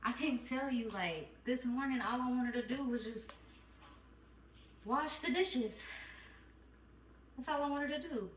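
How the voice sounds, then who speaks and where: Her voice is high-pitched and a little slow, with frequent pauses and slight background noise. Vlogging as a mom, she speaks candidly and earnestly, repeating herself and coming close to tears at times, in a roomy, distant home recording.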